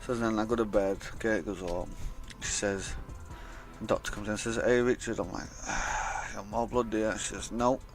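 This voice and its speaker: A man's voice: on the low side, steady tone, moderate pace, faint music behind. A young man telling a rambling, blunt, sweary story in a casual vlog. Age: young adult. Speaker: vlogger.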